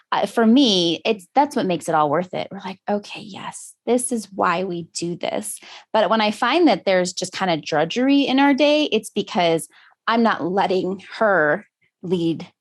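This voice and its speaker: A woman talking casually about homeschooling her daughter, reflective and laughing often. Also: medium pitch. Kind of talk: casual conversation.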